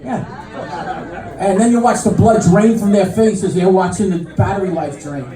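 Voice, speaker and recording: A middle-aged man doing a stand-up comedy set, telling deadpan stories full of fillers and restarts. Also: high voice, moderate pace, some chatter behind. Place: comedy club stage with live audience. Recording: echoey club mic heard from a distance. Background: audience laughter and room noise.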